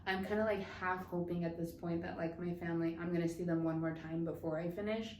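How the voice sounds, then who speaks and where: A woman's voice: lowish voice, fairly even intonation, brisk, a little mellow. A young woman from the southwestern United States telling a story in casual chat, with many fillers. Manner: chatty, filler-heavy storytelling. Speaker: vlogger. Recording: echoey room, faint noise.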